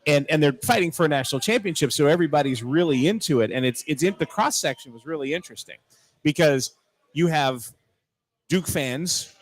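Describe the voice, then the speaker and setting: A man guesting on a live radio show from a bar, telling animated stories and mimicking accents. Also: fairly high pitch. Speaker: TV reporter guest. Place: bar, live remote broadcast.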